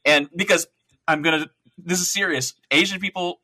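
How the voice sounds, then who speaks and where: Man, bright voice, slightly high, rambling, casual podcast talk. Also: moderate pace. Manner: rambling, swears, laughs at his own stories. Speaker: podcast co-host. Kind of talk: casual chat.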